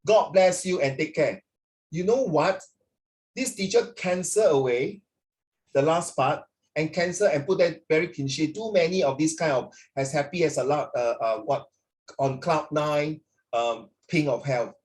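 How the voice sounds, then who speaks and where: A man tutors students over a video call, his voice pitched a little high for a man. He rambles in an animated way, with plenty of fillers and restarts. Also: unhurried. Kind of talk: online class teaching.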